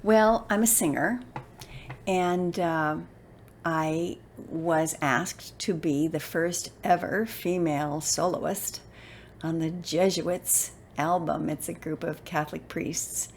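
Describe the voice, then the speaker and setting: A woman in her sixties telling a personal story in an animated, expressive way, acting out the voices she quotes. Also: low voice, slow pace, a little hiss or hum. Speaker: motivational speaker and voice actor.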